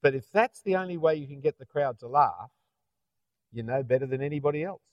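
In a dull, dry, lo-fi recording without room sound, a middle-aged Australian man gives a sermon at a slightly fast pace in a medium-pitched voice. He keeps it conversational and frequently ends points with rhetorical tag questions.

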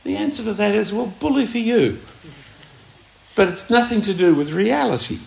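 A man's voice: sits high, sing-song, normal speed, vocal fry, slight background noise. A man with an Australian accent preaching a sermon, telling a story in a conversational way with emphatic stresses. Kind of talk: sermon with anecdote. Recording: echoey room.

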